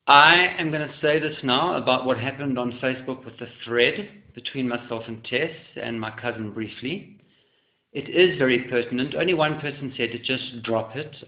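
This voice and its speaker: A man from South Africa, an artist, talking to the camera in a theatrical, flamboyant way that swings between loud and soft. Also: medium pitch. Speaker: artist and muralist. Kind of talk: casual camera monologue. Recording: echoey room, dull lo-fi sound.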